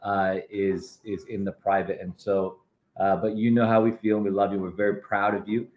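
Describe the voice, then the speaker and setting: A man's voice: lowish voice, little pitch movement, moderate pace, reverberant. A male pastor joining a live chat as a guest by video call, talking in a playful, teasing way. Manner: playful, teasing, warm praise.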